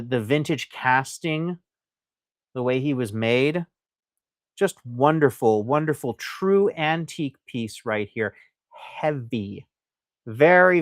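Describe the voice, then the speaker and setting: A man's voice: mid-range voice, no echo, studio quality. A man hosting a live stream that sells antiques, talking chattily and enthusiastically, reading out viewer comments in a loose, rambling way. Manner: loose and rambling, with frequent fillers. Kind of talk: live sales presentation.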